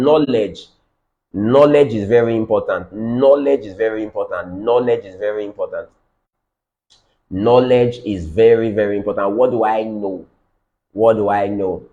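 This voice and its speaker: A man's voice: on the low side, steady tone, moderate pace, dark tone, lo-fi sound. A man with a Nigerian accent giving a business training lecture, repeating key phrases for emphasis and checking in with his audience.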